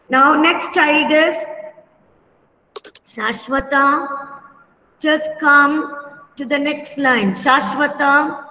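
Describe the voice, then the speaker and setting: Lady teacher on a video call, high voice, real slow and patient, lots of echo. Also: bright, forceful tone, slight background noise. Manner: slow, patient, repeats words and calls pupils by name. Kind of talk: online class for young children. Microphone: computer mic on a video call. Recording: echoey room with long reverb.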